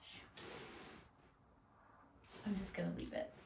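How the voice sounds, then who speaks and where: A woman vlogging to camera in a soft, often half-whispered, emotional way, set back from a camera mic. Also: takes it slowly, recorded from a distance. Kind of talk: heartfelt vlog monologue. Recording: roomy sound from off the mic, faint noise.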